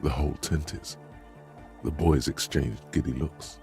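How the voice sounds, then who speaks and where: Gravelly, dead-low game narrator. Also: male voice, fairly even intonation, unhurried, dark tone, faint music behind. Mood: wry. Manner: dry, dramatic storytelling. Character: deep wry inner-voice male narrator.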